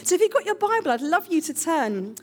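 A woman pastor preaching a lively, chatty sermon with emphatic asides. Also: very high voice, brisk, a little hiss or hum.

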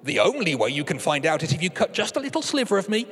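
A man's voice: sits high, big pitch swings, fast talker, fairly bright tone, husky, big-room sound, full character voice. A man voicing a sly, tempting talking chocolate cake that coaxes in a chatty, persuasive way. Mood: coaxing.

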